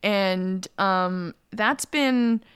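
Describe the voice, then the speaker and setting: A woman's voice: medium pitch, drawn-out words, fairly bright tone, clear, resonant tone. A woman from Canada co-hosting a podcast, chatty and self-mocking, swearing casually. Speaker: podcast co-host. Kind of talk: casual chat.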